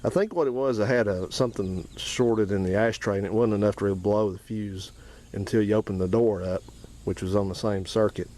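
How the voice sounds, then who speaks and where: A man hosting a home garage channel, explaining car wiring in a plain-spoken, casual way and repeating his warnings firmly, his voice getting hoarse. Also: on the low side, steady tone, fairly quick, mellow. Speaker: home mechanic channel host. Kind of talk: casual how-to talk.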